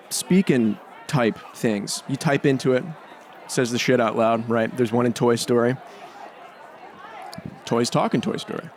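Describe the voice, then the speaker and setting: A man doing a standup set on a comedy club stage with a handheld mic, brash and profane, taunting the audience. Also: medium pitch. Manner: brash, profane, crowd-baiting.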